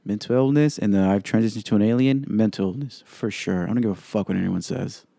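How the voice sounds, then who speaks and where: A man hosts his own podcast alone, his voice pitched low with a warm, mellow tone. He talks bluntly and swears freely, firing off strong opinions. The recording is dry and close. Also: fast talker, creaky, dry recording. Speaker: podcast host. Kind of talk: casual solo podcast commentary.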